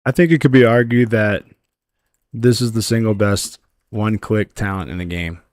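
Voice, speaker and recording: A man's voice: fairly low pitch, normal speed, no room sound, studio quality. A man streaming a video game, chatting casually with viewers as he plays. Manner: relaxed, talks to chat while playing; yells with excitement at lucky loot drops. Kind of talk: casual gameplay livestream chat.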